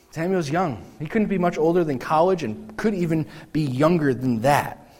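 Animated male preacher in a reverberant hall. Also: on the high side, slightly rough. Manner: animated, acts out biblical voices. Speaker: pastor. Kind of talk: sermon.

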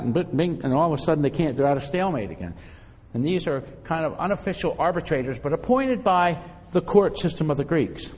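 Conversational preacher in a reverberant hall. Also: male voice, a little high, lively intonation, brisk. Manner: conversational, repeats words while finding phrasing. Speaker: pastor. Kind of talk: sermon.

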